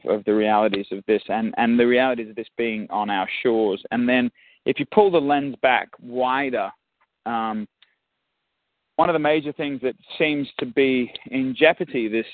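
A man's voice: mid-range voice, no room sound. A man with an Australian accent, a musician and actor talking thoughtfully as an interview guest, often restarting his sentences. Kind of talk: casual interview. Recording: dry, phone-like line.

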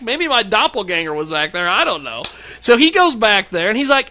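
High-pitched, lively male storyteller. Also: normal speed. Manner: animated storyteller, acts out quotes, laughs often. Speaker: podcast host. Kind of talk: casual storytelling chat.

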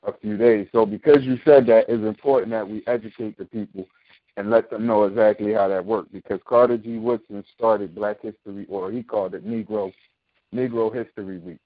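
A man's voice: lowish voice, steady tone, a little fast, no echo. A man hosting a casual talk show, explaining his views emphatically and often asking "you know what I mean?". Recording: thin phone-like sound.

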